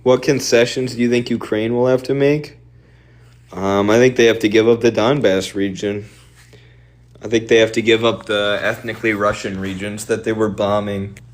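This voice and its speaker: A man's voice: on the low side, fairly even intonation, moderate pace. Offhand, opinionated male streamer. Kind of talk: casual chat, answering viewer questions.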